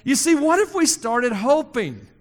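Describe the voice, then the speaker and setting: High, lively joking preacher in reverberant hall. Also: male voice, unhurried. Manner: joking and conversational with the congregation; emphatic, repeating key phrases. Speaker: pastor. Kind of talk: sermon. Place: church hall before a congregation.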